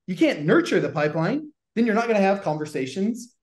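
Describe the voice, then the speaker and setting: A man's voice: sits high, big pitch swings, a little fast, reverberant. A man with a Southern accent, a gym business coach hosting a show, talking in a punchy, pushy way and swearing casually. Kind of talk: energetic coaching talk.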